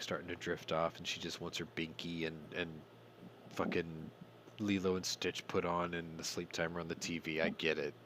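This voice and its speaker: A man's voice: low voice, fairly bright tone, a little hiss or hum. A man hosting a casual news commentary podcast, irreverent and swearing, with ranting asides. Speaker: podcast host.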